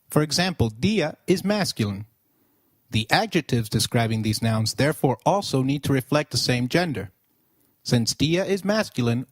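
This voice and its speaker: Man teaching a slow, clear lesson. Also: medium pitch, dry recording, studio quality. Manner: slow, clear instructional delivery with pauses for repetition. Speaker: language teacher. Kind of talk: scripted language lesson.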